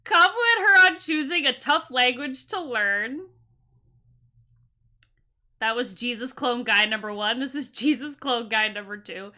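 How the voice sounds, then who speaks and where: A woman streamer with a high voice and a very bright, sharp tone. She gives sarcastic live commentary, reading game options and viewer messages aloud as she plays. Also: expressive, measured pace.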